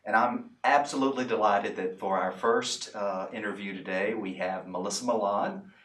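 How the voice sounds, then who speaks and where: A man opens a formal interview in a measured, slightly hesitant way. His voice sits on the low side. He is heard from a distance, with echo from the room. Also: fairly bright tone. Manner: measured, with frequent "uh" fillers. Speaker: university president hosting the interview. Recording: roomy, from a distant mic.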